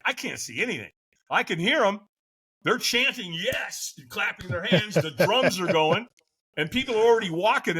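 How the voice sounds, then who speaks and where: A middle-aged man, a podcast guest, telling a story with lively, acted-out voices and frequent laughs. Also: fairly high pitch, husky. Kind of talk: animated storytelling.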